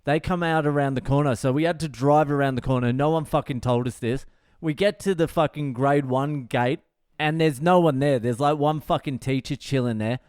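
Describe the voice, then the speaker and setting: A man's voice: mid-range voice, moderate pace, smooth, dry recording, studio quality. Wry, foul-mouthed man spinning a comic story. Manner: profane, wry and deadpan, with lots of swearing. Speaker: comedian podcast host.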